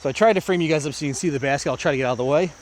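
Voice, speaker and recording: A man's voice: a little high, rapid-fire, slight background noise. An American man casually narrating his disc golf round outdoors, talking to viewers as he plays. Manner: chatty, self-narrating, talks to viewers. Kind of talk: casual play-by-play vlog. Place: outdoor park course.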